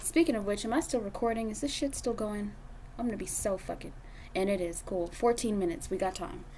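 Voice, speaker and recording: A woman's voice: mid-range voice, fairly quick, background noise. A young adult woman doing a casual tarot reading, speaking bluntly and swearing freely as she talks to the viewer. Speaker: tarot reader.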